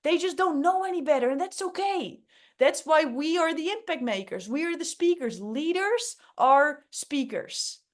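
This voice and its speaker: Casting: upbeat, emphatic woman hosting a workshop, mid-high voice. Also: animated, moderate pace. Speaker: workshop host. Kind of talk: online workshop teaching.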